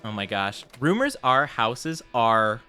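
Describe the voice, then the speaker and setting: Playful, bright-voiced male game streamer. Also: medium pitch, very animated, takes it slowly, clean tone, soft background music. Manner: playful, flustered denials when chat teases. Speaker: VTuber streamer. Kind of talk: live gameplay stream commentary, reading chat.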